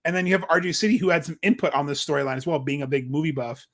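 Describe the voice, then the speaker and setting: A young adult man co-hosting a podcast in casual chat, animated and acting out quotes in put-on voices. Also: fairly high pitch, racing. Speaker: podcast co-host.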